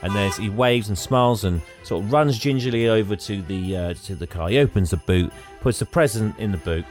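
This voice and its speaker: A man's voice: lowish voice, fairly quick, darkish tone, soft background music. A man co-hosting a casual podcast, retelling a film's story and acting out its lines with frequent laughs. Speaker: podcast co-host retelling a film. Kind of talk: casual chat.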